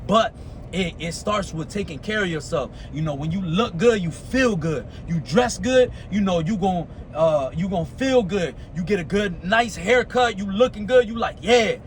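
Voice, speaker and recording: A man's voice: high-pitched, lively intonation, moderate pace, a little hiss or hum. A young American man giving a casual motivational talk, profane and streetwise, often asking "you know what I'm saying". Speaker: motivational speaker.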